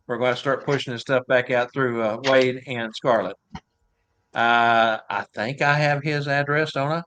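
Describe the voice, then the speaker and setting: A man's voice: medium pitch, a bit bright, clean tone. Easygoing Texan man hosting a live show. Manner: jokey, laughs at himself, easygoing. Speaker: show host. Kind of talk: casual live show chat.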